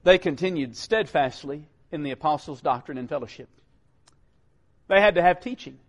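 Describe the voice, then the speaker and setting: A man preaching a sermon, swinging from loud emphatic calls down to low, quiet lines. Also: expressive, moderate pace.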